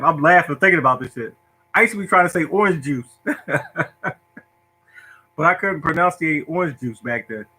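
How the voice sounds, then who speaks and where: A man's voice: on the high side, bright, forceful tone, low-quality recording. A middle-aged man telling a funny story from his childhood in casual talk, laughing often and acting out the people in it. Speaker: storyteller host. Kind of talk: casual storytelling monologue to viewers.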